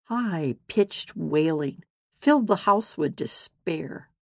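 A woman storyteller reading a scripted Bible story in a measured, deliberate way. Her voice is low and gravelly, her pace slow, and the recording close and dry. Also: animated, a little mellow, dry recording.

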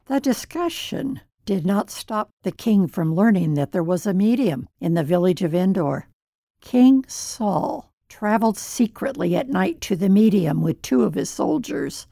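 Solemn woman story narrator, heavy vocal fry, dry booth sound. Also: mid-range voice, animated, dark tone, dry recording. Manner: measured, solemn reading.

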